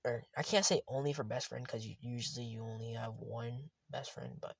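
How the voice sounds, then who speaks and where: A man's voice: mid-range voice, steady tone, brisk, creaky, slightly rough, dry recording. A man casually retelling a fan story, rambling and often correcting himself.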